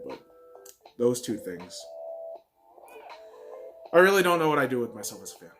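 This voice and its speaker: A man hosting a casual solo football podcast, excitable and profane, swinging from loud bursts to quiet mumbles. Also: lowish voice, fairly quick, pauses often, over music. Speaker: podcast host.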